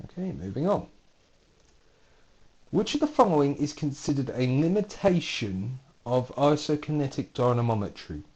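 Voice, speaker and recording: Lively lecturer reading quiz questions. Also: male voice, mid-range voice, moderate pace. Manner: playful, dry asides, corrects himself mid-question. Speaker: university lecturer.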